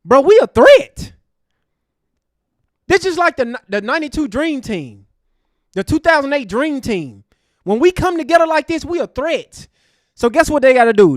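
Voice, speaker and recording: A man's voice: extremely high pitch, no echo, studio quality. A man hosting an online show, delivering a fiery, preachy rant to his live chat. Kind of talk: impassioned livestream rant.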